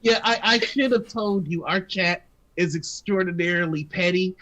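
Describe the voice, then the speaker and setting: A man's voice: sits high, moderate pace, pushed and bright, low-quality recording. A man hosting a casual livestream chat. He talks in an easygoing way and giggles often. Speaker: host.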